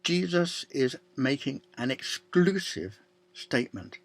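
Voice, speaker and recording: A man preaching a sermon, slow and deliberate, with long pauses and quiet drops to a near-whisper. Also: medium pitch, animated, no room sound. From Ireland.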